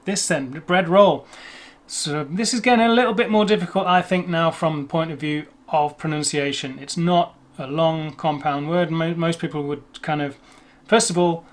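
Chatty Englishman explaining pronunciation. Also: on the high side. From England. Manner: chatty, rambling, self-correcting. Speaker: language video host. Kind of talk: explaining to camera.

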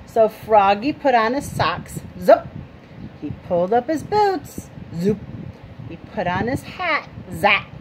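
A woman reading a picture book aloud to children, with sound words and questions for her listeners. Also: mid-range voice. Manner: slow, animated, asks listeners questions. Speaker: storytime reader. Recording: noisy home recording.

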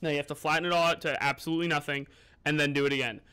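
A man's voice: fairly high pitch, steady tone, racing, pushed and bright, smooth. A young man streaming a game live, chatting casually and greeting viewers by name as he plays and eats. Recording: music playing underneath.

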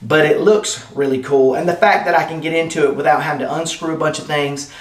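An enthusiastic product reviewer rambles through a casual unboxing, talking briskly to his viewers as if they were friends. His voice is a little high for a man. He stands back from the mic in an echoey indoor room, so the recording sounds roomy and distant.

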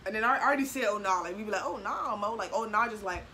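A young woman with a DMV accent explaining slang in casual chat, animated and acting out quotes in a high voice. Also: very fast, background noise. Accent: DMV Black American English. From DMV area, US.

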